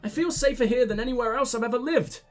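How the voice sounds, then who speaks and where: A man reading the lines of a soft-spoken young widow in his own voice. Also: very high-pitched, quick pace, soft background music, pitched above the performer's own voice. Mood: polite. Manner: plain dialogue-reading.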